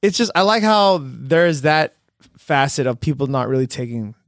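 Laid-back young trainer, rambling chat. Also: male voice, mid-range voice, normal speed, no echo, studio quality. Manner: loose and rambling, fillers and swearing. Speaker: personal trainer. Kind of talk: casual chat.

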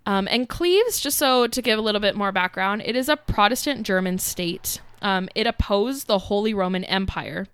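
A woman's voice: mid-range voice, lively intonation, normal speed, few pauses, fairly bright tone, clean tone, no room sound. A young woman casually telling a history story as co-host, chatty with fillers and giggles. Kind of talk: casual chat.

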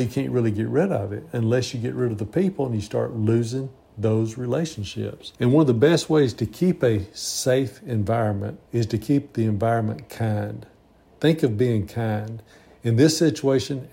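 Older man with a gravelly, mellow voice. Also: mid-range voice, moderate pace. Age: 60s. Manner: earnest, rambling, with restarts. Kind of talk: reflective monologue.

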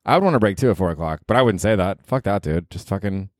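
A man talking through a casual solo podcast, wandering from story to story, dropping swear words and chuckling at himself. His voice sits fairly low, and the sound is dry and close, with no room around it. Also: expressive, quick pace, hardly any pauses, no echo. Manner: rambling, swears casually, laughs at own jokes. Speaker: podcast host.

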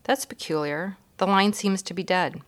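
A woman's voice: mid-range voice, moderate pace, lightly acted. A woman voicing an exasperated, helpless father in a children's storybook reading. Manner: exasperated, earnest.

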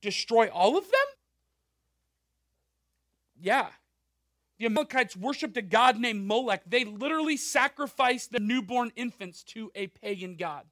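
A male pastor giving a conversational sermon, animated, with frequent asides and rhetorical questions. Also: extremely high pitch, moderate pace, no room sound, studio quality.

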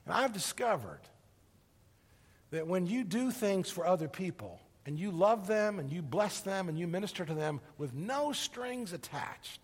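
A man preaching a sermon, retelling a parable with animated storytelling that swings from loud to hushed, in a church hall. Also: sits high, measured pace, husky. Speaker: pastor. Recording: long reverb of a large hall.

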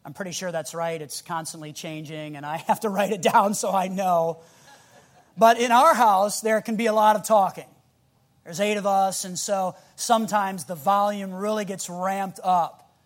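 A man in his thirties preaching a sermon, who reads scripture and acts out scenes with growls and shouts. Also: sits high, normal speed. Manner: animated, growls and shouts while acting out scenes. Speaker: pastor.

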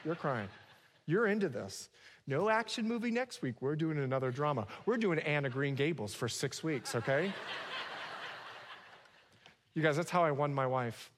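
A man preaching a sermon to a congregation, swinging from hushed lines to loud ones and slipping in humorous asides. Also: fairly high pitch, lively intonation, moderate pace, long pauses, in a large hall, a little hiss or hum. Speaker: pastor.

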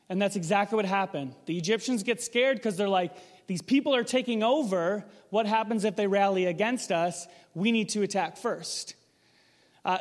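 A man's voice: sits high, big-room sound. A man preaching a sermon in a casual, conversational way, asking the room rhetorical questions. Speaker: pastor.

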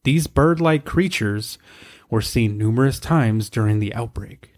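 A man co-hosting a podcast, reading research aloud in a steady way with wry asides. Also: medium pitch, a little slow. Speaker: podcast co-host.

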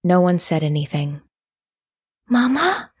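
A woman narrating a historical story in the first person, calm and measured. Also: on the low side.

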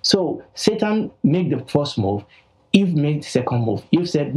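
A man's voice: fairly high pitch, lively intonation, measured pace, a little mellow, breathy edge, poor audio. A man teaching the Bible in a broadcast, emphatic and repeating key phrases.

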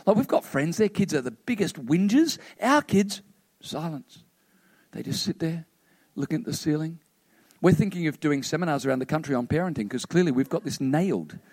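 A man, a pastor giving a sermon with personal stories, talking conversationally and turning hushed toward the close. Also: on the high side, expressive, normal speed, breathy edge, no echo.

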